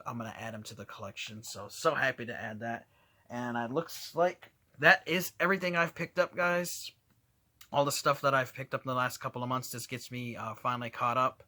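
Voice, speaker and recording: A video game collector vlogger eagerly shows off his recent finds, rambling casually with lots of fillers. His voice is mid-range, pushed and bright.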